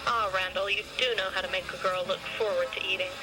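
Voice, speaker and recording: A woman's voice: medium pitch, fairly even intonation, fast talker, music in the background, natural voice, rough recording. A fretful, vain young model speaking with a worried edge. A woman reads her. Her lines come from a storybook reading.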